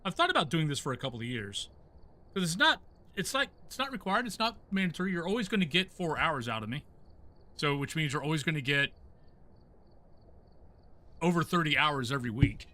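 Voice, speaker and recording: A man's voice: a little high, very animated, brisk, long pauses, sharp tone. A middle-aged man chatting casually with his stream viewers while gaming, rambling from one story to the next. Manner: rambling, talks to chat and to the game's ghost.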